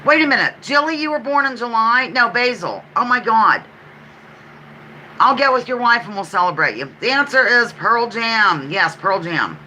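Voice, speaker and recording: A woman with a Pennsylvania accent hosting a live trivia stream at home. She chats casually, corrects herself and repeats clues slowly. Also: a little high, lively intonation, bright, forceful tone, highs cut off, a little hiss or hum. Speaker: trivia livestream host.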